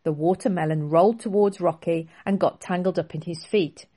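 A woman author reading her own children's book aloud in a clear, expressive storybook style. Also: on the low side, moderate pace.

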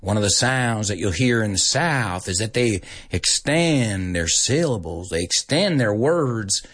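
A male radio host giving a casual English lesson on air, chatty and animated, dropping in Spanish asides. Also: on the low side, measured pace.

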